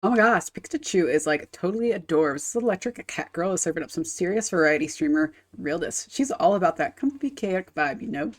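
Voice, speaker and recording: A woman voicing a bubbly, gushing valley girl reading out a shout-out. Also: fairly low pitch, lively intonation. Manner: gushing, drawn-out slang.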